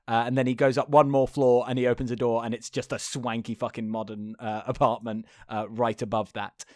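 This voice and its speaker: A man's voice: medium pitch, level tone, brisk, a little mellow, no room sound, clean studio sound. A man co-hosting a podcast, recapping a film in a rambling, casual way full of fillers. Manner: rambling, filler-heavy storytelling with laughs. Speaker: podcast co-host.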